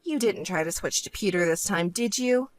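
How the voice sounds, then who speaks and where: A woman voicing a level-headed young woman who speaks in a cool, dry and curt way in an animated story. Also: fairly low pitch, moderate pace, dry recording, faint music behind, lightly acted. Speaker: narrating protagonist.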